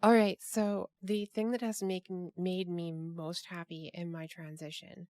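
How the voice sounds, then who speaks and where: A woman's voice: on the low side, flat delivery, measured pace, a little mellow, no room sound, studio quality. A woman hosting a casual group chat over a call, rambling with many restarts and fillers. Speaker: podcast host.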